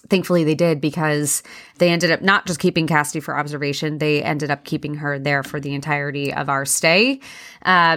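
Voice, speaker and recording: A young woman speaks in a low register, recounting a personal story to her podcast listeners. She talks candidly and conversationally, with frequent ums and restarts. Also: fairly bright tone. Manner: candid, conversational, many fillers. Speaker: podcast host.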